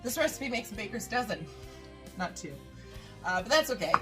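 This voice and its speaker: A woman's voice: medium pitch, sing-song, normal speed, music in the background. A woman casually talking through a recipe in her kitchen, chatty and rambling. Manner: chatty, rambling, lots of "uh" and laughs. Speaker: baking vlogger. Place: home kitchen.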